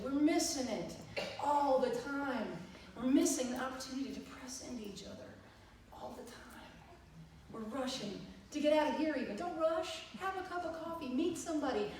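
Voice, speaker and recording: A woman minister, telling a lively story in a sermon and acting out the dialogue with laughter. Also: on the high side, brisk, noisy background. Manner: animated, acts out dialogue with laughter. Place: church sanctuary. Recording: echoey hall, far from mic.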